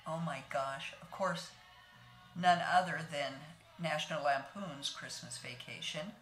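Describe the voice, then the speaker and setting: An older woman in her sixties, talking through a makeup tutorial in a homey, chatty way and speaking to her viewers as friends. Her voice sits a little low. The room is echoey, and soft music plays faintly underneath. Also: measured pace. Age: 60s. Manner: homey, talks to viewers as ladies, narrates each step. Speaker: beauty vlogger.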